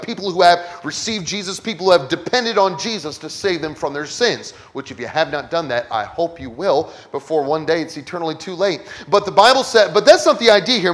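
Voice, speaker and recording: A man preaching a sermon in a conversational teaching style. He keeps checking in with his listeners and puts the verses into everyday words. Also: high voice. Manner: conversational Bible teaching, asks "okay?" often and paraphrases verses.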